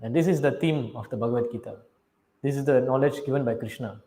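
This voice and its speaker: A middle-aged preacher leads a scripture class in slightly non-native English, delivering a storytelling sermon. He's an animated storyteller who acts out characters' dialogue and poses questions to his listeners, speaking fast in a mid-range voice.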